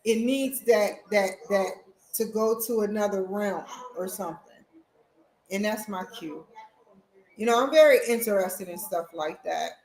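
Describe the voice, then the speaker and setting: A woman's voice: medium pitch, measured pace, a little mellow, roomy sound, rough recording. A woman vlogging at home, chatting casually and rambling straight to her viewers. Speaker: vlogger, college student. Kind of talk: casual chat to camera. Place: at home, indoors.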